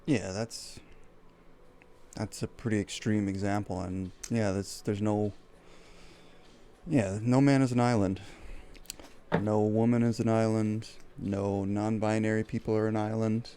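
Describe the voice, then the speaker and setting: A man's voice: lowish voice, flat delivery, measured pace, mellow, a little hiss or hum. A man co-hosting a casual podcast chat, laid-back and asking questions. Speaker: podcast co-host.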